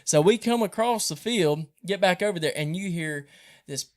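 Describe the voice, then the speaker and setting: A man tells a hunting story on a podcast, animated and playing the voices of everyone in it. His voice sits high for a man. The talk is casual and lively. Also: moderate pace. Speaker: podcast host.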